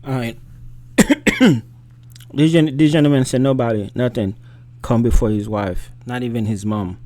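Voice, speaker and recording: A man talks straight to his viewers in a reaction commentary, mellow in tone and emphatic in delivery. He keeps asking pointed rhetorical questions in a loose, casual way. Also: medium pitch, expressive, measured pace, no room sound. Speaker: reaction video host.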